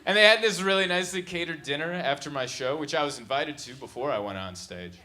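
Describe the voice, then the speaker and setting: This San Diego comic works through a stand-up set, narrating tales and acting out the people involved. He speaks quickly in a fairly high, pushed, bright voice. It's a live show at a comedy venue, so the audience's laughter and noise come through.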